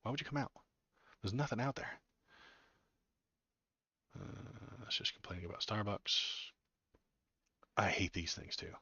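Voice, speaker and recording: Deep-voiced guy on a livestream, sarcastic ranting, kinda dull muffled audio. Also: lively intonation, unhurried, long pauses, sharp tone, slightly rough, dry recording. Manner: sarcastic, ranting, mocking disgust. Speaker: political livestream host.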